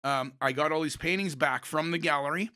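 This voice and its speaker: A man hosting a casual chat, telling animated stories and acting out other people's lines. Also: a little high, a little fast, no room sound, clean studio sound. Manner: animated storyteller, acts out voices in anecdotes. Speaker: podcast host.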